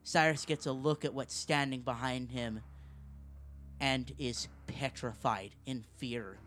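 A man in a mid-range voice narrates a tabletop game, setting each scene slowly and in detail. He sometimes restarts a phrase, and faint music plays behind him. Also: medium pitch, fairly even intonation, fairly bright tone. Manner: slow and descriptive, with some restarts. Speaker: game master.

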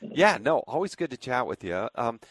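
A man's voice: mid-range voice, very animated, moderate pace, fairly bright tone, no echo. A man hosting a talk radio show, delivering indignant commentary full of rhetorical questions. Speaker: fill-in radio host.

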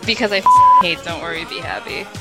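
A woman's voice: mid-range voice, fast, loud music behind the voice, rough recording. A woman giving an enthusiastic, gushing interview answer. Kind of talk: casual street interview answer.

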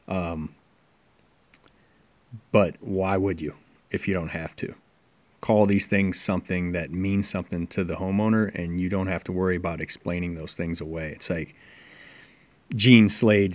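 A man's voice: sits low, no room sound. A man hosting a podcast, talking earnestly and sharing his opinions with many fillers. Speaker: podcast host. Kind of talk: casual podcast talk.

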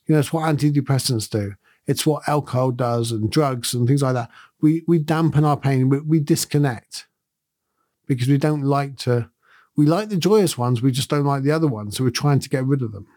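A man's voice: medium pitch, moderate pace, a little mellow, no room sound, clean studio sound. A middle-aged man, a podcast host, giving a thoughtful and earnest reflective monologue in a conversational way.

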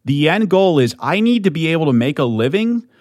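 A man's voice: on the high side, big pitch swings, brisk, a little mellow, no room sound, clean studio sound. A young man hosting a solo podcast, talking in an amped, rambling way with lots of swearing and restarts at a desk mic. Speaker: podcast host.

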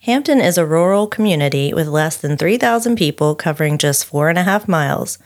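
A woman's voice: low voice, expressive, brisk. A woman, co-hosting a podcast and narrating a true-crime story from her notes with chatty asides. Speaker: podcast co-host.

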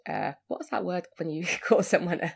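A woman's voice: fairly low pitch, big pitch swings, normal speed, gravelly, breathy edge. A woman hosting a podcast, chatting casually about films, laughing often and swearing now and then. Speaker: podcast host. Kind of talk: casual film discussion.

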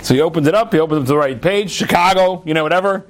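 A young American man giving a storytelling Torah talk, chatty and animated, with restarts and asides. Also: fairly high pitch, very fast. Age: young adult. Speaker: rabbi.

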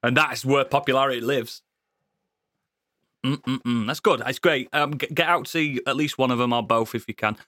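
A man's voice: mid-range voice, moderate pace, sharp tone, no echo. A man hosting a podcast in casual chat, joking around and moving the show along. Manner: jokey, moves the show along. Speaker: podcast host.

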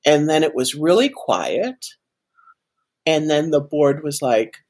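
Animated husky woman telling a story. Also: sits low, slow. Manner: animated, many fillers like "like". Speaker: guest, organization president. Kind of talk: storytelling in a podcast interview.

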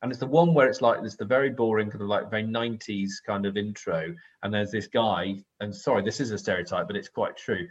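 A man's voice: on the low side, fairly even intonation, brisk, breathy edge, dull audio. A man co-hosting a casual chat, rambling and correcting himself mid-sentence with apologetic asides.

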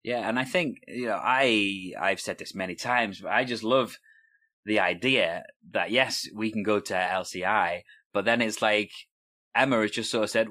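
A man's voice: lowish voice, moderate pace, bright, forceful tone. A man hosting a casual chat about improv, easygoing and using filler phrases. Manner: easygoing, uses fillers like sort of. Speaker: host, improv group member. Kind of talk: casual conversation.

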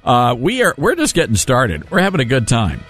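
A man's voice: mid-range voice, huge pitch swings, fairly bright tone, soft background music. A man with a Southern accent hosting a talk radio show, chatting with callers in a folksy, joking way. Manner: folksy, chatty, quick to laugh. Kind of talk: casual talk radio chat. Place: radio studio. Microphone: studio mic.

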